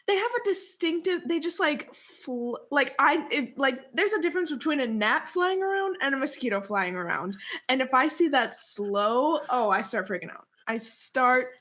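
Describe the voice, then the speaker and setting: A woman's voice: high-pitched, expressive, normal speed, a bit bright. A young woman co-hosting a podcast, chatty and playful, who laughs often. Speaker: podcast co-host. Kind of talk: casual chat.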